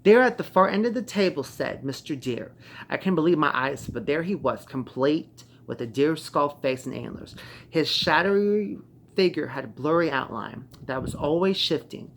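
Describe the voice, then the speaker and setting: A man's voice: fairly high pitch, a little hiss or hum. Young man casually reading a horror story. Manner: swears in excited asides, reads with restarts. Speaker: story narrator.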